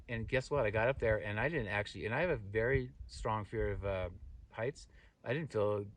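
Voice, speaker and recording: A man's voice: on the low side, dry recording, far from the mic. A middle-aged man telling a rambling story to his camera, full of fillers and restarts, as a hiking vlogger outdoors on a mountain trail. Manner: rambling, animated retelling with many fillers and restarts. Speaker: thru-hiker vlogger.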